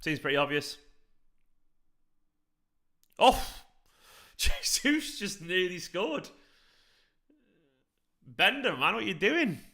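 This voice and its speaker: A man's voice: high voice, big pitch swings, slow, gravelly, pauses often, pushed and bright. A man hosting a live football watchalong, chatting casually and reacting to the match while answering viewers. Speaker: fan channel host.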